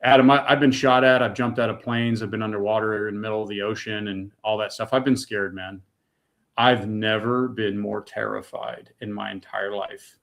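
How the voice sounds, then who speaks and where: A middle-aged man with a fairly low voice tells his own story as a podcast guest. He speaks earnestly and with deep feeling, dropping casual asides like "dude" and "man". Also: steady tone, moderate pace, gravelly, fairly bright tone. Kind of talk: personal testimony in a podcast interview.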